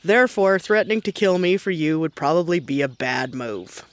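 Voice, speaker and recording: A man's voice: on the high side, lively intonation, moderate pace, dry recording. A man playing a brash foul-mouthed middle-aged mom, ranting sarcastically and mockingly to the camera in a comedic vlog. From Canada. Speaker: comedy vlogger.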